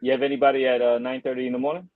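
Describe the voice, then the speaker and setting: A man's voice: mid-range voice, little pitch movement, rapid-fire, no room sound. Laid-back man on a muffled line. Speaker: podcast co-host. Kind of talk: casual sports betting chat.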